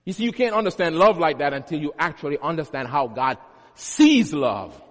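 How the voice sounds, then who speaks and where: High-voiced pastor preaching in an echoing hall. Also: male voice, sing-song, normal speed. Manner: teaching, with emphatic repetition and homely examples. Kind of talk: sermon. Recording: long hall reverb.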